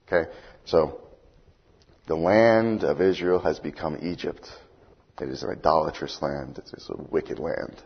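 A man leads a Bible study in a very deep, husky voice. He talks conversationally and keeps checking in with his listeners. The recording sounds muffled and low-fidelity. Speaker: preacher.

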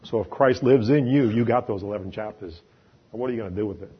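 Man, New York accent, very husky voice, casual church teaching, dull lo-fi recording. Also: on the low side, fast. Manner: chatty and conversational, with self-deprecating asides and laughs. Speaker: lay preacher. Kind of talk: informal sermon.

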